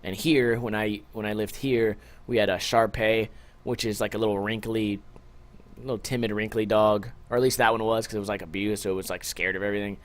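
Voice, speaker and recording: A man's voice: on the low side, fairly even intonation, fairly quick. A man hosting a podcast alone, rambling casually and joking with a lot of swearing, short on sleep. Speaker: podcast host. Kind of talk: casual solo podcast chat.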